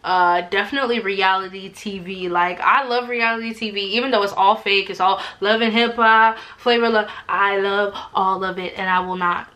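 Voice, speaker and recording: A young woman vlogger in her twenties sits at home and talks straight to the camera. She tells her stories in a loose, animated way, full of fillers. Her voice is bright and forward. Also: mid-range voice, moderate pace, hardly any pauses. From Alaska. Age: 20s. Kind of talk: casual storytelling to camera. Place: home room.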